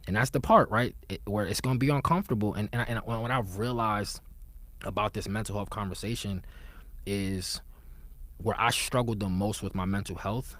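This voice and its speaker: A man with a very deep voice speaks in a reflective conversational way. He is earnest and often sinks into a soft, low murmur. When he stresses a point he turns emphatic. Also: moderate pace, no room sound.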